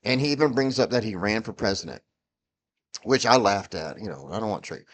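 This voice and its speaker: A man's voice: lowish voice, expressive, brisk, fairly bright tone. A middle-aged man vlogging a heated, profane political rant, rambling and restarting his sentences often. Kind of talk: ranting political commentary.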